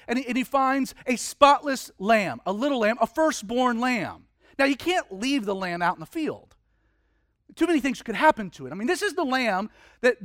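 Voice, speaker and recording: A man's voice: extremely high pitch, a bit bright, dry recording, clean studio sound. A man preaching a sermon, telling a story vividly and dramatically with frequent restarts.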